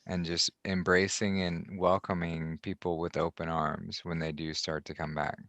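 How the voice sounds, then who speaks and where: Male podcast host, very low gravelly voice, measured and reflective, dry sound. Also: level tone, dry recording. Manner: soft-spoken, halting, many restarts.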